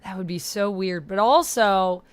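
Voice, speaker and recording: A woman's voice: medium pitch, a little slow, clean tone. A woman streamer chatting casually while playing a game live, wondering aloud and answering her chat. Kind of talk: gaming livestream commentary.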